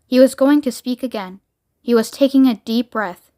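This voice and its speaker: A woman narrating a children's book aloud with expressive storytelling. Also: fairly high pitch, normal speed. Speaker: book reader.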